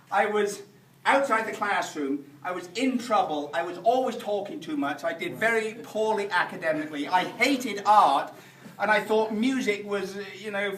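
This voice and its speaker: A middle-aged man from England giving a humorous speech at a function, animated and shouting punchlines. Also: sits high. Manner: animated storyteller, shouting punchlines amid laughter. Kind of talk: humorous after-dinner speech. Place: function hall with audience. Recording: echoey hall, distant mic, noisy.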